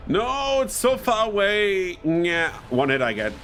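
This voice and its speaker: A man's voice: high-pitched, very animated, measured pace, fairly bright tone, slight background noise. A man with a German first language chatting casually while playing a game, swearing and laughing often. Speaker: streamer. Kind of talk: casual gameplay commentary.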